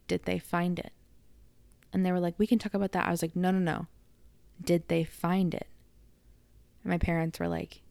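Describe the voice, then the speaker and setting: A young woman telling a personal story on her own channel in a chatty, animated way, acting out the dialogue as she goes. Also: lowish voice, creaky, no room sound. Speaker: vlogger. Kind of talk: casual storytelling.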